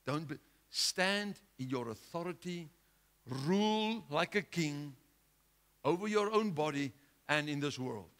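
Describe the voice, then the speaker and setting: A man preaching with a bright, forceful edge to his voice that sits a little high for a man. He fires rhetorical questions and moves between loud, emphatic bursts and quieter, pressing lines. It is a sermon delivered with conviction. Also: lively intonation, measured pace. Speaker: pastor.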